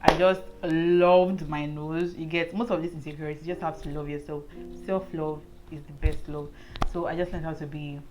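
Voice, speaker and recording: A woman's voice: deep voice, steady tone, brisk, background noise. A young woman vlogging to camera in her own room, chatting earnestly and saying "like" a lot. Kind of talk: casual chat to camera. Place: indoors at home, lit by a ring light.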